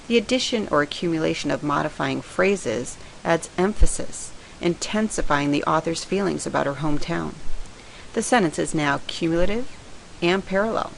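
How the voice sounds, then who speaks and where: A woman reading a scripted writing lesson in a measured, explanatory way. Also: low voice, animated, creaky, a little hiss or hum, poor audio. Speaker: writing teacher. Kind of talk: scripted lecture narration.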